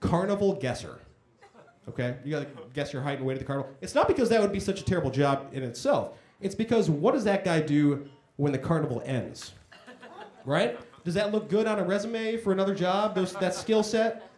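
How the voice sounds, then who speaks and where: Animated stand-up comic man in an echoey club. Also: high-pitched, a little fast. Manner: conversational, self-deprecating, acts out voices in quotes. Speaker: stand-up comedian. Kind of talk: stand-up comedy set. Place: comedy club stage. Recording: echoey comedy club room.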